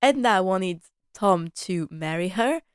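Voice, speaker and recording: Chatty woman with a smooth, dry voice. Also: medium pitch, slow pace, no echo. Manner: chatty and animated, laughing often, slipping into quoted lines. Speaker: podcast host recapping a TV drama. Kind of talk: casual chat.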